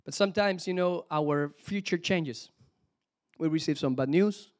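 A man preaching a sermon, animated, calling out hallelujah and praise the Lord between points. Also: fairly high pitch, measured pace. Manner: animated, exclamations of hallelujah, some restarts.

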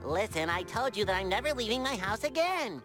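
A man voicing a stubborn cartoon sea sponge who refuses to leave his house, in a high nasal voice over cartoon music. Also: very animated, a little fast. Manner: insistent, exasperated. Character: cheerful young male sea sponge, stubborn homebody.

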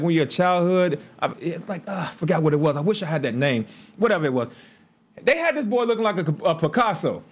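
A man, telling stories casually on a livestream with laughs and asides. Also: high voice. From Chicago. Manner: animated storytelling with laughs and asides. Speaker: livestream host.

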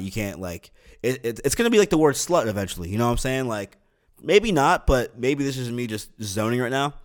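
A young man talking off the cuff on his own podcast, swearing freely and circling back through restarts and fillers. His pitch sits in the ordinary middle range for a man. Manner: rambling, profane, full of fillers and restarts. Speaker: podcast host. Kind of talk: casual solo podcast rant.

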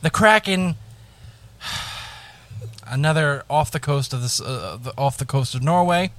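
A man's voice: a little high, lively intonation, slow, fairly bright tone. A man in his twenties co-hosting a podcast, sarcastic and swearing as he steers back to the topic. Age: 20s. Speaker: podcast co-host. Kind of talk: casual crude chat.

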